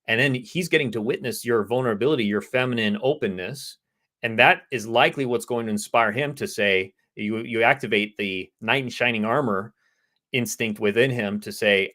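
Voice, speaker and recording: A man's voice: medium pitch, fairly quick. A man co-hosting a dating advice show, earnestly explaining relationship ideas and answering viewer questions. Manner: earnest, explanatory, quotes women's pleas in a softer voice. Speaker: dating coach co-host.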